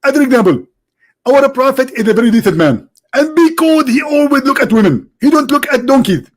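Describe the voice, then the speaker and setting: A man's voice: very high voice, expressive, brisk, pitched above the performer's own voice. A man doing a mocking impression of an indignant, self-righteous male preacher who scolds and huffs defensively. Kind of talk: mocking impression in a live-streamed debate.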